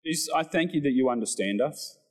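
A man preaching a sermon to his church, telling the story with animated delivery and acted-out quotes. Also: mid-range voice, brisk, poor audio. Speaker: pastor.

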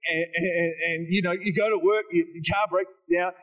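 A man's voice: high voice, fairly even intonation, normal speed, a bit bright, poor audio. A man preaching a sermon as a pastor, joking and mimicking complaining voices. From Australia.

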